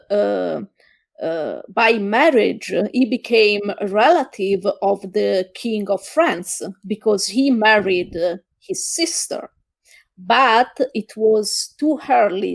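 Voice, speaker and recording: A woman co-hosting a casual review podcast, explaining history slowly with many hesitant pauses. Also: medium pitch, gravelly, no echo. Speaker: podcast co-host.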